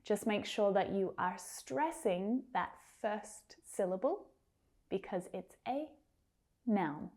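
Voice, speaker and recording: Slow and with lively intonation, a woman with a mid-range, darkish Australian-accented voice teaches English pronunciation from a script. She says individual words with careful clarity and addresses her learners directly and encouragingly.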